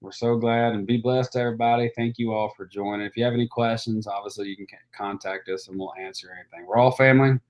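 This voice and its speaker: A man from Tennessee with a Tennessee accent, a guest in a casual interview, easygoing and halting, heard over a video call. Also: fairly low pitch, steady tone, lo-fi sound. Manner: easygoing, many fillers and restarts.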